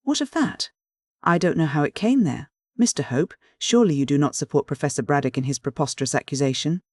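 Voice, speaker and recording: A stout, theatrical widow, a middle-aged woman whose voice goes shrill and hard when she is offended, as an audiobook narrator plays her. Her complaints are melodramatic, and the sound is dry and close. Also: a little fast, no room sound, lightly acted. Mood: indignant.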